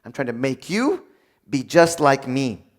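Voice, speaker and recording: A man's voice: medium pitch, sing-song, unhurried. A middle-aged man preaching a conversational sermon, acting out quoted voices along the way.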